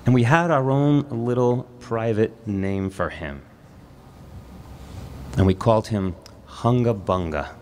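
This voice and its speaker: A man telling a personal story at a live storytelling event, in a measured, reflective way with dramatic pauses. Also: lowish voice, a little hiss or hum.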